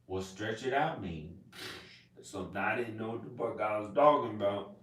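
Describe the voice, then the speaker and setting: A man rambling to camera in a casual monologue, jumping between topics with sudden loud laughing outbursts. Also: lowish voice, moderate pace, recorded from a distance. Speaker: vlogger. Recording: echoey room, voice off mic.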